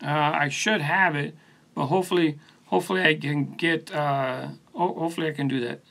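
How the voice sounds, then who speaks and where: A man's voice: a little high, steady tone, normal speed, vocal fry, bright, forceful tone. A man hosting his own channel, chatting casually on a live stream from his studio and answering viewers by name in a laid-back, rambling way, recorded on a phone set on a post. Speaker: channel host. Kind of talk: casual live stream chat reading comments.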